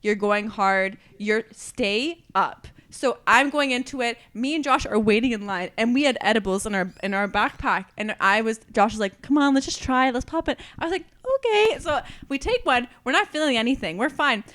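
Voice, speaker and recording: A woman's voice: fairly high pitch, moderate pace, hardly any pauses, dry recording. A young woman co-hosting a podcast, telling a wild story in casual chat, swearing and laughing as she goes. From Canada. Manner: animated, swearing, laughing through her story. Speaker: podcast co-host.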